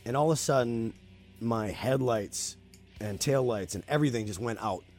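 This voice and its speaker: A man's voice: mid-range voice, normal speed, a little mellow, soft background music. A man casually telling a spooky story on a podcast, swearing freely and talking animatedly.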